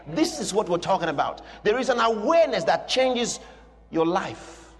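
High-pitched man preaching boldly in a hall. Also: big pitch swings, moderate pace. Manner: emphatic, repetitive, declarative preaching. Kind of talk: sermon.

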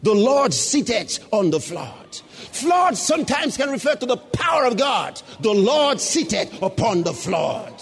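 A man preaching a sermon, moving from calm Bible teaching to loud shouts of praise. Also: extremely high pitch, slow, vocal fry, big-room sound, a little hiss or hum. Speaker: pastor.

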